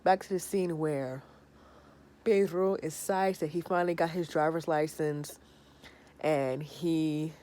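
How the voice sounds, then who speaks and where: A woman in her thirties giving a sassy, animated review of a reality TV episode, sounding tired. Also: on the low side. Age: 30s. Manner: sassy, animated, acts out the people she discusses. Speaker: reality TV recapper.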